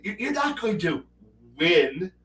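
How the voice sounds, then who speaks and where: This man hosts a livestream and talks loosely about strategy games, wandering off track, starting over a lot and performing quotes. His voice is high, sing-song and fairly bright, and he takes his time. The mic is distant and the room is audible.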